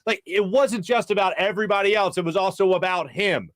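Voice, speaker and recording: A man hosting a sports talk show, talking fast and breaking into quick impressions when he quotes people. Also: high-pitched, no echo, studio quality. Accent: Philadelphia. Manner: animated, jumps into voices for quotes. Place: studio.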